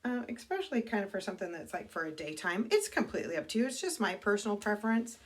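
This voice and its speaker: An expressive, fast-talking middle-aged woman with a mid-range voice demonstrates makeup in her home bathroom. She's a makeup consultant, chatty and self-correcting as she goes, and the audio comes from a camera mic.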